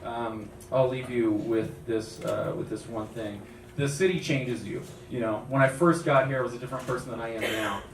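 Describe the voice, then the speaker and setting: A young adult man doing an animated stand-up comedy set in a club lounge, switching between voices as he tells his stories. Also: mid-range voice. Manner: animated storytelling, quick voice switches. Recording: echoey club from far off, noisy.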